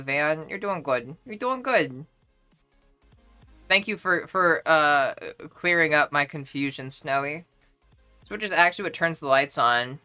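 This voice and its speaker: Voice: medium pitch, bright, forceful tone. A young adult streamer casually chatting with a live audience, playful, profane and mock-indignant. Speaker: livestreamer reading chat.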